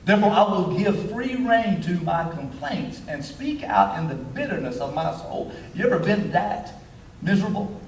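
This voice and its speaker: A man preaching a sermon as pastor, animated and joking, often repeating words as he starts a phrase. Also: a little high, moderate pace, a little hiss or hum. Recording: echoey hall, voice a bit distant.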